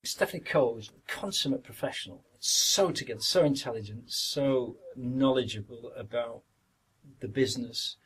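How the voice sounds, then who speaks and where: A man's voice: mid-range voice, moderate pace, a bit bright, slightly rough. A middle-aged man with a Yorkshire accent, a guest actor reminiscing through long anecdotes in a casual podcast interview.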